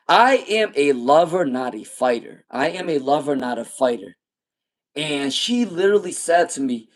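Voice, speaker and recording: A man in his thirties with a somewhat high voice talks through a personal story. He is animated and emphatic, swears freely, and repeats lines for effect. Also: a little slow. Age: 30s. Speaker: tarot channel host. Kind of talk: casual storytelling monologue.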